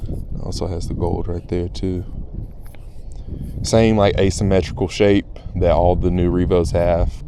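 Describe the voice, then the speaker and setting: Excitable man fishing outdoors. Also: deep voice, a little slow, slight background noise. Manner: excitable, chatty, addresses viewers as y'all. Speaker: fishing vlogger. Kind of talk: casual on-the-water vlog chat. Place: outdoors by a pond.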